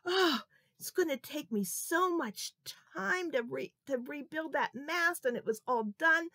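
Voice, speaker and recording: A woman voicing an angry young boy who yells at his little sister in a children's storybook telling. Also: expressive, unhurried, dry recording, clean studio sound, heavily acted. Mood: grumbling angry. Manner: yelling, furious, high-pitched.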